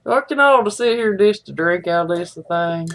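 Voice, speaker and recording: A woman's voice: lowish voice, expressive, moderate pace. A middle-aged woman, chatting in a folksy, rambling way to viewers of her live stream. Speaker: livestream host. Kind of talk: casual chat with live viewers.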